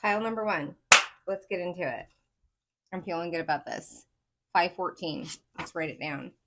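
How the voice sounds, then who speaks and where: Southern woman on the low side, hosting a loose, excitable tarot reading for her viewers. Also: normal speed, creaky, heavy background noise. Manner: excitable, rambling, talks to viewers as folks. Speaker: tarot reader. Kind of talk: casual pick-a-card tarot reading.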